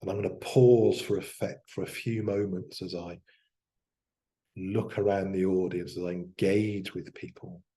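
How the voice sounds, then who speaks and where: A man demonstrating self-hypnosis aloud as a coach, talking himself through slow, soft affirmations. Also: low voice, steady tone.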